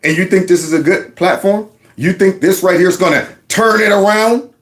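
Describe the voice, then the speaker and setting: A man's voice: high voice, normal speed. A man giving sarcastic reaction commentary on news clips, mocking them with one rhetorical question after another. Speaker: commentary vlogger.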